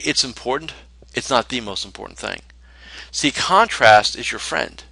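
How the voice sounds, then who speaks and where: A man's voice: mid-range voice, creaky, pushed and bright, dry recording, low-quality recording. A middle-aged man coaching financial advisors in a conversational talk, full of rhetorical questions and tag questions. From New Jersey.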